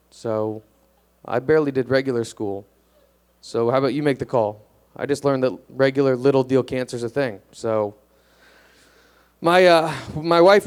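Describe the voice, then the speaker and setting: Smooth-voiced deadpan young comedian. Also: male voice, mid-range voice. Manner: deadpan, self-deprecating, hesitant with fillers. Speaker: stand-up comedian. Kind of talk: stand-up comedy set. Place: comedy club stage.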